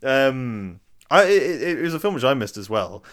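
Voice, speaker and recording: A man's voice: medium pitch, sing-song, normal speed, fairly bright tone, a little hiss or hum. A man hosting a podcast in casual chat, laughing often and hesitating with fillers. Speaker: podcast host.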